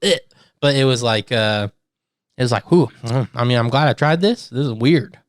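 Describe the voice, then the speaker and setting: A man's voice: medium pitch, normal speed, clean tone, no room sound, studio quality. A man co-hosting a podcast in casual chat, blunt and opinionated, ranting in sudden bursts. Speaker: podcast co-host.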